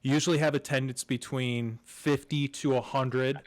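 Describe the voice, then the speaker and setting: A man co-hosting a podcast, chatting casually and throwing in quick jokes. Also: medium pitch, fairly even intonation. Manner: quick joking interjections. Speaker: podcast co-host. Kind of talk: casual chat.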